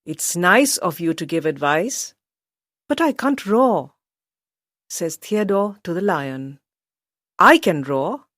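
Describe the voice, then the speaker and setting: Slow, lively woman reading a children's story. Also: dry recording, studio quality. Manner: lively storyteller, voices quotes higher. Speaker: storybook narrator.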